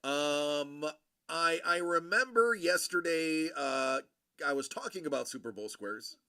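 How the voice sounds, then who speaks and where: Bright, lively male stream host. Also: a little high, takes it slowly, clean tone. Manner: rambling and friendly, with many fillers and shout-outs. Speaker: livestream host. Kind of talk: casual chat with viewers.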